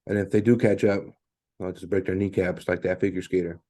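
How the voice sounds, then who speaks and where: A man's voice: sits low, level tone, fairly quick, dark tone. A man co-hosting a podcast, chatting casually, rambling and swearing, acting out quotes as he goes. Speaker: podcast co-host. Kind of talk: casual chat.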